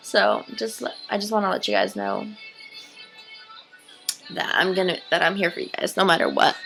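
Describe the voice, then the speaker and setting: A woman's voice: lowish voice, vocal fry, sharp tone, poor audio. A woman vlogger talking earnestly to her viewers in a rambling, casual way, swearing freely. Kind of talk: casual heartfelt talk to camera.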